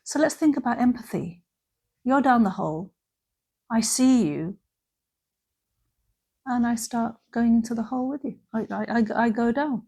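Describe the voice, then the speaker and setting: A woman giving a gentle, unhurried reflective talk about mental health, sometimes softly acting out phrases. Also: on the high side, breathy edge.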